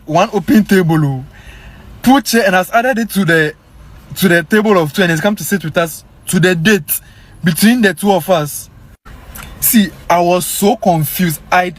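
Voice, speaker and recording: A young man casually telling his viewers a story, animated and peppered with "guys" and "bro.". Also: sits high. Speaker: vlogger.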